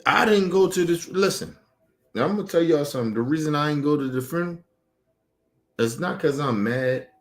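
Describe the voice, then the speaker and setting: Furious at his family, a male streamer launches into a heated, emphatic personal rant laced with swearing. He talks fairly quickly, his voice on the high side with lively intonation.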